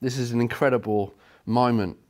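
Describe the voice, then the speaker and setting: A middle-aged man preaching a sermon, telling stories with animated delivery. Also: mid-range voice, moderate pace. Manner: storytelling, animated, voices quotes.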